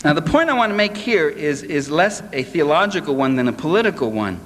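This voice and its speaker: A man giving a live political lecture to an audience, sarcastic and animated, mocking the people he quotes. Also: a little high, fairly quick. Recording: echoey hall, faint hiss.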